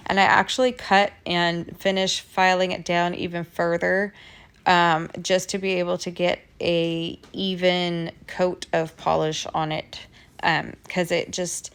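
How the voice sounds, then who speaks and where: Chatty woman with a creaky voice. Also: fairly low pitch. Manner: chatty, lots of "like" and "you know". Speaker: nail art vlogger. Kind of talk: storytime voice-over while doing nails.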